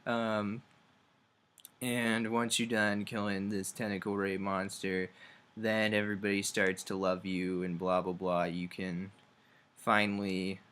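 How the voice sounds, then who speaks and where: Offhand young man, lowish voice. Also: fairly bright tone. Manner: loose and offhand, heavy on fillers and crude asides. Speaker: video game reviewer. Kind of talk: casual rambling plot recap.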